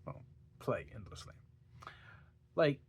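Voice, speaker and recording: Speaking slowly against slight background noise, this sleepy young man vlogs casually about a book. He yawns, rambles, stumbles and giggles as he reviews it.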